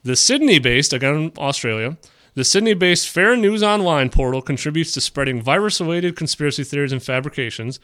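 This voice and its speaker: A man with a fairly high voice co-hosts a casual podcast. He reads conspiracy claims aloud, then breaks off to add dry asides of his own. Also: animated, fairly quick, bright, forceful tone. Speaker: podcast co-host reading conspiracy stories.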